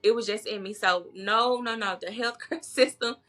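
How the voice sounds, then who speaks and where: Bright, emphatic woman herbalist. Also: mid-range voice, moderate pace. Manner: bold, emphatic, repeats words when stressing a point. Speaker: herbalist guest. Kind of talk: casual podcast conversation.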